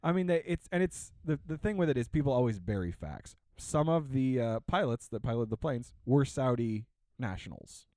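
A man's voice: mid-range voice, expressive, normal speed, few pauses, warm tone, dry recording. A man on a podcast, chatting casually in a sarcastic rant, full of fillers and restarts. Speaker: podcast co-host. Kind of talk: casual ranting chat.

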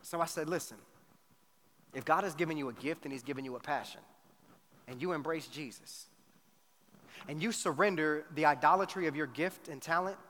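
A middle-aged man preaching a storytelling sermon, animated and slangy, acting out both sides of a conversation. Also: a little high, normal speed, long pauses. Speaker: pastor. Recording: faint noise, long hall reverb.

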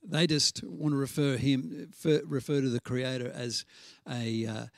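A man's voice: medium pitch, steady tone, creaky, dry recording. Preacher, male, mid-range voice, chatty sermon delivery with fillers and restarts, close dry sound. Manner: conversational storytelling with frequent fillers and restarts; slows down to stress scripture references.

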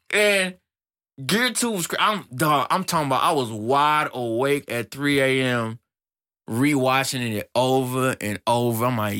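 A man hosting a podcast in an excited casual monologue, slangy and animated, laughing often and jumping up in pitch when hyped, on a close mic in a small studio. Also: normal speed, no room sound. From United States. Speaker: podcast host.

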